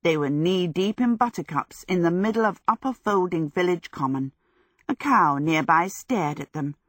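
A woman narrating a storybook in a measured, expressive way. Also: lowish voice, no echo. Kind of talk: audiobook narration. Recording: dry close recording.

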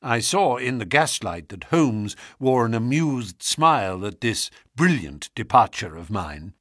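A man narrating a classic novel audiobook in a measured storytelling manner. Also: dry recording, clean studio sound. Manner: measured storytelling with expressive pitch.

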